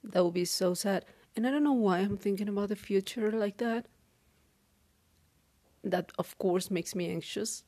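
A woman talking through a halting, weary personal diary monologue, with many restarts. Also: medium pitch, dark tone, no echo. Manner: weary, downcast. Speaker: podcaster.

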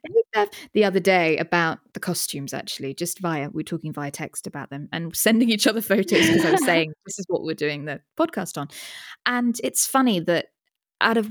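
A woman's voice: lowish voice, no echo. A British woman co-hosting a podcast, chatting enthusiastically into a studio mic with a pop filter and often restarting her sentences. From Britain. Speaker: podcast co-host. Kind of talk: casual chat. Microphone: studio microphone with pop filter.

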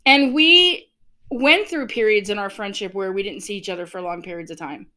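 Podcast co-host, woman, 50s, bright and candid, laughs a lot. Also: medium pitch, normal speed. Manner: candid, laughs often, acts out past dialogue. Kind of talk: casual chat.

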